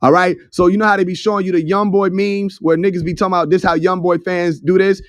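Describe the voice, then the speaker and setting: Young man, high voice, dry close sound, casual profane storytelling, audio room host. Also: level tone, fast, no room sound. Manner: loose, profane, chatty storytelling. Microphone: phone in an online audio room.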